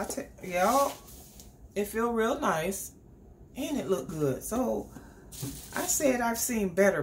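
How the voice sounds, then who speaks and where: Woman vlogger, excitable, lively pitch, slow easy pace, faint room ambience. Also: a little hiss or hum. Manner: chatty and excitable, talks straight to viewers. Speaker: beauty vlogger. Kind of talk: casual unboxing vlog. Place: home indoors.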